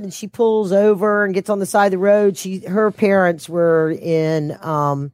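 A woman's voice: on the low side, steady tone, a little slow, hardly any pauses, a little mellow, dry recording, clean studio sound. A woman telling a personal story as an interview guest, her voice rising when she quotes herself.

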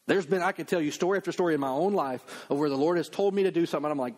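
A middle-aged male pastor delivers a sermon in an easy, conversational way. His voice sits somewhat high for a man, and he keeps the preaching lively by acting out quick asides.

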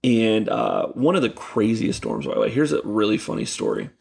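A young man, a youth pastor, telling animated stories in casual chat with lots of fillers. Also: fairly low pitch, moderate pace, gravelly, breathy edge. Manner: animated, laughing storyteller with many fillers. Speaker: youth pastor, podcast guest.

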